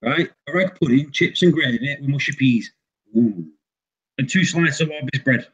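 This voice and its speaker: A man's voice: mid-range voice, moderate pace, fairly bright tone, husky. A man with a British accent in a casual group chat, cheeky and swearing, talking keenly about food. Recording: dull lo-fi audio.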